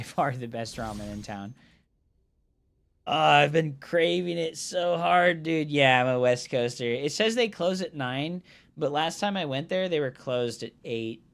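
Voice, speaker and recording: Excitable man casting a strategy game. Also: a little high. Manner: excitable, jokey, chatty with viewers. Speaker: game streamer and caster. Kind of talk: live game commentary and chat.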